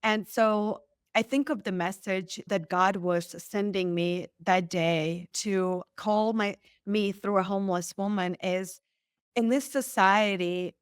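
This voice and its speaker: A woman guest on a podcast, telling a personal story with lively acted-out quotes. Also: mid-range voice, takes it slowly, clear, resonant tone, no room sound, studio quality. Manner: animated, acts out quoted lines. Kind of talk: storytelling in an interview.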